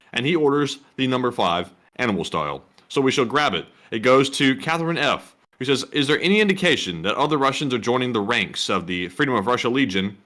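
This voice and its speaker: Lively male co-host reading donations. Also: medium pitch. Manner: jokey, reads messages aloud. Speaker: livestream co-host reading super chats. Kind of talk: casual livestream chat.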